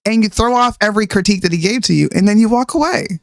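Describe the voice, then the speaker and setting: A woman's voice: mid-range voice, quick pace, dry recording, clean studio sound. A woman co-hosting a casual political livestream, opinionated and talking over clips. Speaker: co-host.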